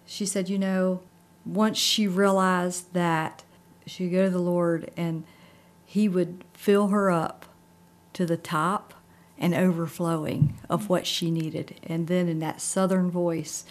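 A woman pastor with a slightly low voice leads a faith conversation. She speaks gently and encouragingly, pausing to reflect as she talks. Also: flat delivery. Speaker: pastor and co-host.

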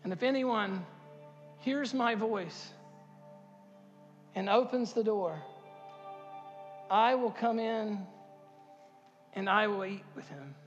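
Man, very high voice, pastor preaching, fervent and repetitive, long church echo. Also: takes it slowly, pauses often, lo-fi sound, faint music behind. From Harkers Island, North Carolina. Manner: builds to loud impassioned preaching, repeats words, asks the crowd questions. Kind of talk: sermon. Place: church sanctuary.

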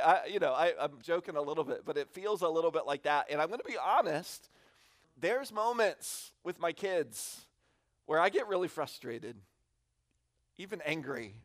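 A man's voice: a little high, moderate pace. Candid, self-deprecating man preaching. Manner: candid, self-deprecating, animated with acted-out asides. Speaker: guest pastor. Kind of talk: conversational sermon. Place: church sanctuary.

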